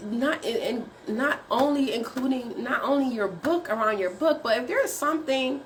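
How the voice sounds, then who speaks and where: A woman's voice: high-pitched, slight background noise. A woman coach giving a faith-based motivational talk, speaking in a preachy, encouraging way with rhetorical questions. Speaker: writing coach.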